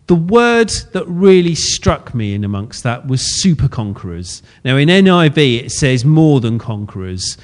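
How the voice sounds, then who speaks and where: A man's voice: mid-range voice, darkish tone. A man preaching a sermon in a chatty, self-deprecating way, laughing often at his own slips.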